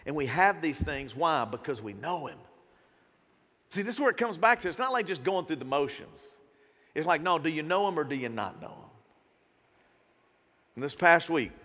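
A man's voice: on the high side, in a large hall. A man preaching a conversational sermon as pastor, telling stories and acting out the voices of people in them. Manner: animated storyteller, acts out quoted voices. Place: church sanctuary.

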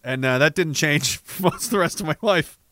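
A man's voice: fairly high pitch, fairly quick, sharp tone, dry recording, studio quality. A middle-aged man from Canada hosting a podcast in casual ranting commentary, sarcastic, profane and mocking, reading out listener messages.

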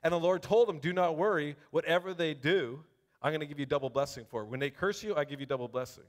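A male preacher with a high voice who preaches in a loose, chatty way, calling out to the congregation. He breaks off to read scripture aloud, building up emphasis as he reads. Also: fast. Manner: animated, conversational, addresses congregation directly. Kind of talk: sermon.

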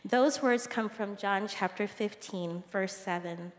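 A woman from the congregation reading out a calm, reflective personal testimony. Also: mid-range voice, slow. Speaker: congregation member sharing testimony. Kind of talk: read testimony. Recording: reverberant church hall.

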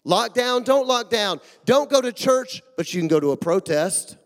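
A man preaching a sermon as pastor, emphatic and full of rhetorical questions, swinging between loud and hushed. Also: extremely high pitch, animated, moderate pace. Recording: long hall reverb.

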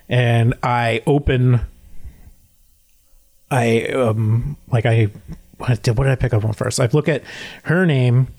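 Man, casual storyteller, rambling, animated retelling full of "like". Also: medium pitch. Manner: rambling, many "like" and "he's like" fillers; acts out quotes in animated retelling. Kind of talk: casual chat.

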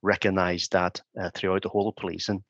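Guy, deep voice, lots of ums and restarts, kinda muffled dry sound. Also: little pitch movement, quick pace, a bit bright, no room sound. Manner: hesitant, many ums and restarts. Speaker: former crime scene investigator. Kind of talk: casual interview talk.

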